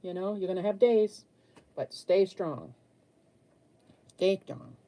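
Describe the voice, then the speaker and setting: A woman in her sixties paints on a live stream, chatting openly with viewers and answering their comments. Her voice sits lowish with a dark tone, and she speaks slowly but with lively intonation.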